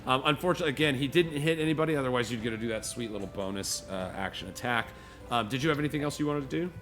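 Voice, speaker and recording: A man's voice: medium pitch, rapid-fire, over music. A man narrating as game master of a tabletop game, in a loose, easygoing way with lots of "you know".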